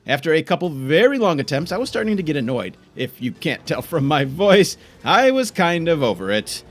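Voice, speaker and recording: A man's voice: fairly high pitch, sing-song, normal speed, faint music behind. A young man giving frantic, frustrated commentary while playing a game. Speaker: gaming YouTuber. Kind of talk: gameplay commentary.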